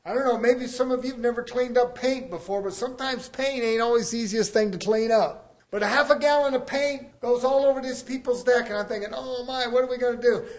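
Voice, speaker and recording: A man's voice: very high voice, fairly quick, hardly any pauses. A man. He talks plainly and conversationally, throwing rhetorical questions at his listeners. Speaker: preacher. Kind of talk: sermon.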